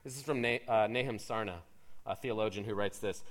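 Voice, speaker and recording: Guy pastor giving a sermon, chatty and lively, jokey little asides, mid-pitched voice. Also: brisk. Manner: animated, conversational preaching with playful asides.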